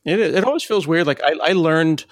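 A man's voice: on the high side, brisk, no echo, clean studio sound. A middle-aged man hosting a podcast interview, chatty, encouraging and enthusiastic. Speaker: podcast host. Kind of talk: casual interview chat.

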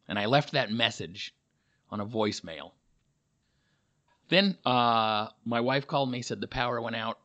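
Man, comedian, rambling solo chat, lots of uh and um, bright forceful voice. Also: medium pitch, animated, unhurried, pauses often. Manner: rambling, filler-heavy and self-deprecating. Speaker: comedian and podcast host. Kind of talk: casual monologue.

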